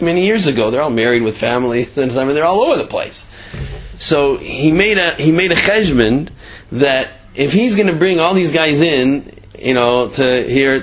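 A man of medium pitch tells a moral tale in a loose, rambling way, packed with fillers and side remarks. The recording is slightly dull and lo-fi. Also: slight background noise. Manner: rambling, heavy on fillers and asides. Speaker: storyteller. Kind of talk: casual spoken storytelling.

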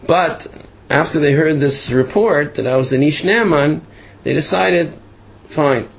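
A man's voice: a little high, unhurried, gravelly, slightly rough, rough recording. A man casually telling a long story aloud, rambling with many fillers and restarts.

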